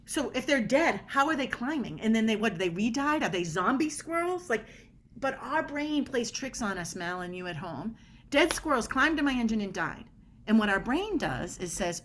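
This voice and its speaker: A woman's voice: a little high, sing-song, normal speed, a bit bright, slight background noise. A middle-aged woman guest on a podcast interview, explaining body language in an emphatic way and acting out quoted dialogue.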